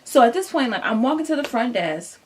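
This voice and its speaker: Brief: young woman, storytime vlogger, slightly high voice, animated, chatty, talks right to viewers. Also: fairly quick. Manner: animated storyteller acting out quotes; casual, chatty, addresses viewers directly. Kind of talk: storytime vlog.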